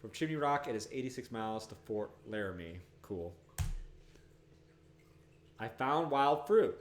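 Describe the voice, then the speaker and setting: Lively, profane man streaming a game. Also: medium pitch, unhurried. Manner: rambling, profane, excitable, jumps into loud outbursts. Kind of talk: live-streamed gameplay commentary.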